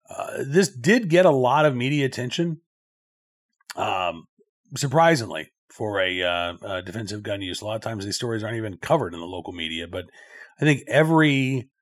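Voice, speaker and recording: Male commentary host, mid-range voice, conversational and halting, thinking aloud on air. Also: mid-range voice, a bit bright. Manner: loose, thinking aloud with frequent filler pauses.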